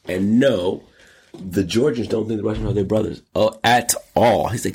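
A man hosts his own solo commentary show with a low, gravelly, husky voice. He talks in a hyped, exclamatory way. His pitch leaps about, often jumping up to high squeals. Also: moderate pace, darkish tone. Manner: hyped, exclamatory, gasping and laughing, jumps to squeals. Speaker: show host.

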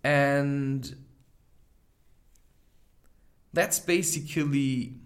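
A man's voice: mid-range voice, fairly even intonation, extremely slow. A man in his thirties, hosting a podcast and telling a personal story in a reflective, candid way, full of asides like "you know" and "right". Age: 30s. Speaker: podcast host.

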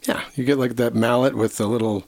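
A man chats casually on his podcast, relaxed and halting, often restarting his sentences. His voice sits at a middling pitch. The sound is dry and close. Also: no room sound. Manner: relaxed, halting, repeats himself. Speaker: podcast co-host. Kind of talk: casual chat.

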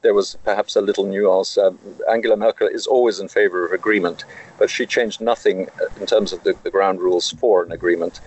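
A man answering interview questions in a measured way, often pausing and restarting as he explains. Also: low voice, steady tone, darkish tone, slightly rough, poor audio. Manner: measured, with frequent hesitations. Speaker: correspondent in France.

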